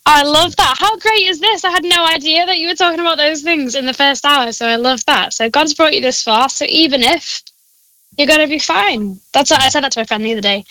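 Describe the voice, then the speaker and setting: A young woman with a Liverpool Scouse accent, chatting as a guest on a call, encouraging and quick to laugh. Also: sits high, pushed and bright, no echo, low-quality recording. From Liverpool, England. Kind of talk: casual chat. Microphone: phone call.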